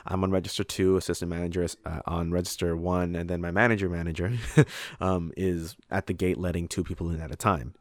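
A man's voice: low-pitched, flat delivery, brisk, no room sound, studio quality. A young man tells a rambling, profane story about his retail job, full of fillers and put-on voices. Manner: rambling, heavy on fillers and swearing, acts out voices. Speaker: retail worker telling a story.

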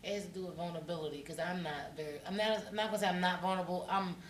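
A woman in her late twenties co-hosting a casual chat, talking with animated passion and plenty of swearing. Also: fairly low pitch, rapid-fire. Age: late 20s. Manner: animated, passionate, profane, acts out quotes. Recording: echoey room, mic at a distance, faint noise.

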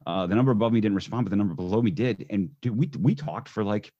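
A man with a very deep voice, a guest in a casual podcast chat. He is easygoing and laughs along, restarting his sentences as he goes. The sound is slightly dull and lo-fi. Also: quick pace, dark tone.

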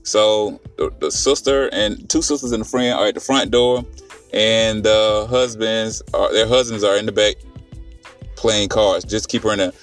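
Talking a little slowly in a lowish voice, this podcast host reviews a film in a rambling, profane, animated way, with plenty of fillers and restarts. He sounds far from the mic, and soft music plays behind him.

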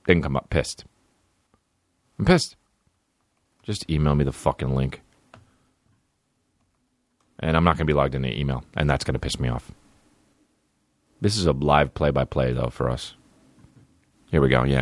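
A man's voice: very deep voice, moderate pace, long pauses, no echo. A male comedy podcast host talking in a crude, rambling way, mocking and profane, dropping to mumbles and then bursting out. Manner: profane, mocking, swings between mumbling and outbursts. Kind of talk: crude rambling comic chat.

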